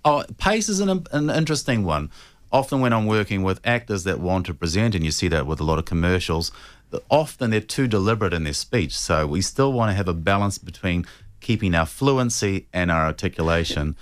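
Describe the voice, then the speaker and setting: Brief: New man, voice coach guest, very low voice, measured, dry close sound. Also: expressive, no room sound. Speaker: voice and presentation coach. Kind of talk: radio interview answers.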